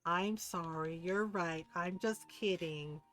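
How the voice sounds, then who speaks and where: A woman's voice: on the low side, takes it slowly, a bit bright, faint music behind. A teasing young rogue, read by a woman streamer. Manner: teasing, playful banter. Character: cheeky young male rogue villager. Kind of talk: reading game dialogue aloud.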